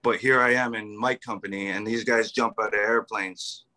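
A man's voice: fairly low pitch, fairly even intonation, moderate pace, sharp tone. A man who served in the army, telling stories as a podcast guest, rambling with fillers, restarts and frequent laughs. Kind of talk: casual storytelling interview.

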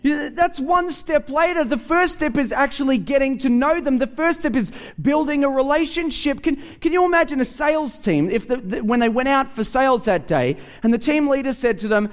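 A man's voice: very high voice, expressive, moderate pace, hardly any pauses. A man with an Australian accent, a pastor preaching a conversational sermon and telling a story with acted-out dialogue.

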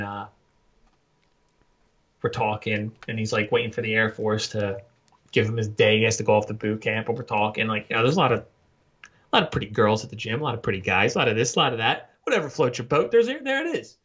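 A man's voice: lowish voice, brisk, fairly bright tone. A man in his thirties, a podcast co-host, talking sports in a profane, heated rant. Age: 30s. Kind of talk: casual sports chat. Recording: dull lo-fi audio.

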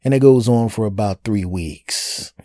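A low, mellow-voiced man hosts a podcast and rambles through a personal dating story. He is animated and crude, throwing in jokes and scatted noises. The sound is dry and close. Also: unhurried, no echo. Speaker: podcast host. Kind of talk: casual storytelling monologue.

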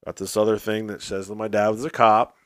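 A man co-hosting a podcast, his voice sitting a little low, dry and close to the mic with no room sound around it. He tells a story in easy, casual chat and jumps into the voices of the people in it as he goes. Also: brisk, dry recording. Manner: animated storyteller acting out quoted dialogue. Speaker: podcast co-host.

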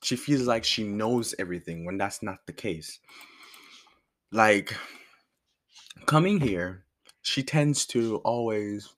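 A man's voice: fairly low pitch, slow, pauses often, a bit bright. A young man telling a story in a casual rant, annoyed and swearing, acting out both sides of an argument. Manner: annoyed, swearing, retells arguments with quoted lines.

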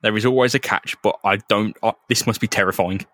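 A man co-hosting a podcast, casually retelling a comic book in an animated, crude, laughing way. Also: fairly low pitch, brisk, no echo, studio quality. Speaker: podcast co-host.

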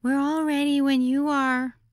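A woman's voice: little pitch movement, a little slow, no room sound, clean studio sound. A woman voicing a tiny young hostess whose voice sounds childlike, breathless and polite. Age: young adult. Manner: high, sweet, breathless.

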